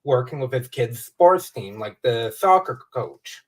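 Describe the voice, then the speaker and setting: Male co-host, measured halting chat, mid pitch, picked up from a distance. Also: expressive. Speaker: livestream co-host. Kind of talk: casual fan discussion. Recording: distant from the mic.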